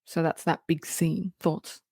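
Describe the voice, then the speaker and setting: A woman co-hosting a film podcast, recapping scenes in a lively, laughing way and swearing casually. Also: low-pitched, measured pace, gravelly, husky, dry recording, studio quality. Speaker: podcast co-host. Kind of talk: casual film-review chat.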